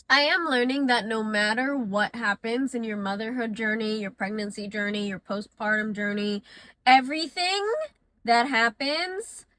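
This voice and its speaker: A woman's voice: on the high side, unhurried, sharp tone. A young woman vlogging candidly about motherhood, chatty and emotional, close to tears at times and laughing at others. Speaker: mom vlogger. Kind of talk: candid confessional vlog.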